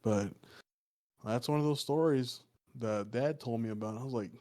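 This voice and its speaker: A man's voice: medium pitch, normal speed, a little mellow. A man casually telling a folk story on a podcast, swearing often and rambling with lots of fillers. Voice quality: loose, profane, rambling with many fillers. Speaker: podcast co-host.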